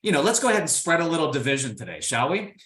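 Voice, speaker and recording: Addressing the crowd directly, an Indiana man delivers a playful, animated motivational keynote. He speaks in rapid-fire bursts with a slightly high voice, and the room is reverberant.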